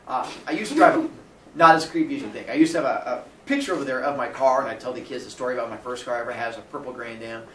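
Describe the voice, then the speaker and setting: A man, a teacher, telling a personal story on a casual podcast, acting out dialogue with big jumps in pitch and breaking into laughs. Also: rapid-fire. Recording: roomy sound from a distant mic with faint noise.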